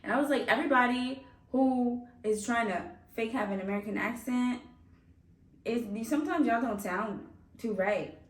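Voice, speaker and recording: A woman's voice: fairly high pitch, moderate pace. A woman hosting a music reaction video, chatting casually and laughing often as she talks straight to her viewers. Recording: roomy sound from a distance off the mic.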